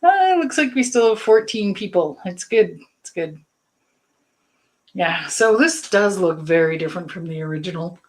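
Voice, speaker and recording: Low-voiced, chatty woman teaching painting. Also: expressive, brisk, few pauses, low-quality recording. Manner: chatty and rambling, with many fillers and asides; reassuring, encouraging. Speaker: painting instructor. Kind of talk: casual live-stream painting lesson.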